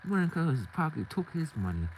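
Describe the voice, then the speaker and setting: A man's voice: a little high, big pitch swings, brisk, a little hiss or hum, poor audio. A man telling a story from his own life in casual street slang, acting out the scenes as he goes.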